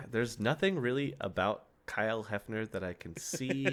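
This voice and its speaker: Deep slow-talking male podcast host. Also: fairly bright tone. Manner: relays lore details between laughs. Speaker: game master and host. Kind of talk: casual podcast chat on game lore.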